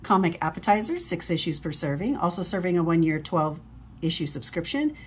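A woman with a lowish, slightly husky voice reads a comic book aloud. She keeps it casual and amused, tossing in chatty asides as she flips the pages. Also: very animated, a little fast.

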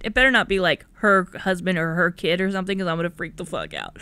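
A young woman hosting a horror game let's play, animated, swearing and joking as she panics. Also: on the low side, fast talker, hardly any pauses, smooth, dry recording.

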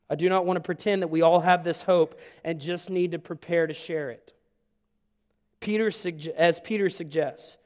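A man's voice: fairly high pitch, darkish tone. A man, preaching a sermon with folksy joking asides. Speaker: pastor. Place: church sanctuary. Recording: long hall reverb.

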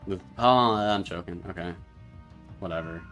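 A young man commenting on his own live speedrun, mostly muttering quiet asides and sometimes swearing loudly. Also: deep voice, normal speed, faint music behind. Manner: quiet, mumbled asides with sudden loud frustrated swearing. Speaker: speedrunner streaming his run.

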